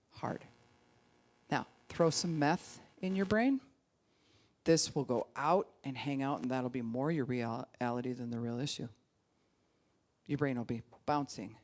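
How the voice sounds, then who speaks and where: A woman pastor giving a conversational sermon, animated, acting out quoted voices and sometimes dropping to a hushed, calm tone. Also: extremely low pitch, creaky.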